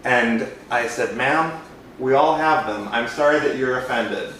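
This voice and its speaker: A man's voice: mid-range voice, a little slow, fairly bright tone. A man co-hosting a podcast, telling casual, self-deprecating stories about his work as an entertainer. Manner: easygoing, self-deprecating anecdotes. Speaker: podcast co-host, balloon entertainer. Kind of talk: casual storytelling chat. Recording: very echoey room, distant mic, faint noise.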